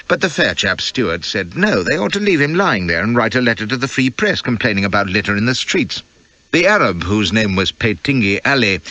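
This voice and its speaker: A man narrating an audiobook with wry, sardonic relish, his fairly low voice swinging in lively pitch. The tone is bright and forceful, and the recording is dry and close. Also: no echo, low-quality recording. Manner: wry, sardonic first-person telling.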